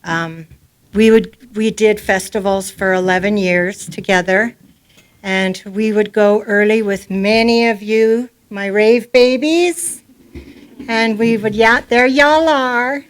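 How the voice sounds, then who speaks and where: A middle-aged woman, grieving the loss of her child, gives an unprepared eulogy in a community centre hall. Her mid-range voice moves slowly with fairly even intonation, and her words ramble in an informal, heartfelt way.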